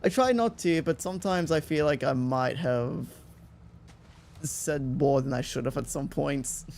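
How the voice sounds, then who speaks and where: A man's voice: a little high, unhurried, gravelly, a little mellow, slight background noise. A man streaming a game, chatting casually, rambling and self-deprecating, swearing freely and laughing often.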